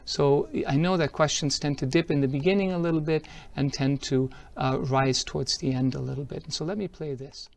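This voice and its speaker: This presenter's voice is fairly high and gravelly, steady in tone, brisk and nearly pause-free. He's demoing a product at a tech conference, cheerfully walking through each step as he shows it.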